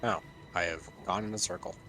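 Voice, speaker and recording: A man's voice: low-pitched, steady tone, a little fast, music in the background. A man chatting while streaming a game with friends, making wry, self-mocking comments. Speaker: gamer on a stream. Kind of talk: casual chat while gaming.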